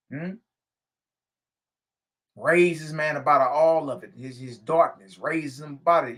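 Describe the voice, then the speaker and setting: A man whose voice is a little high and a bit bright reads aloud from a spiritual text and preaches on it with emphasis. As a spiritual teacher, he repeats phrases and tosses in slangy asides.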